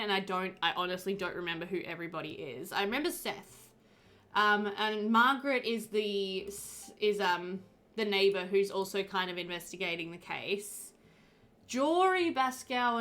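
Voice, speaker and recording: A woman's voice: mid-range voice, a bit bright. A woman casually chatting on a live stream while playing a game, giggling often and answering viewers' questions. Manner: chatty and giggly, reading sim bios aloud and answering chat.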